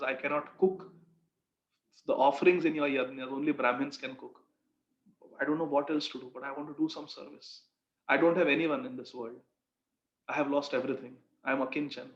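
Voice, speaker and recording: A man voicing a humble, tearful young girl, speaking softly and apologetically. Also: mid-range voice, natural voice. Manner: soft, pleading and apologetic. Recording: echoey, dull lo-fi room recording.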